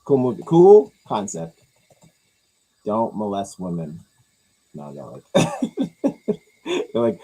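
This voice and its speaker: A man's voice: huge pitch swings, slow, gravelly, pauses often, breathy edge, poor audio. A man hosting a podcast, riffing casually and jokingly on comments, rambling and repeating himself. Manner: rambling, jokey, swings loud and high for bits. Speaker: podcast host reading comments.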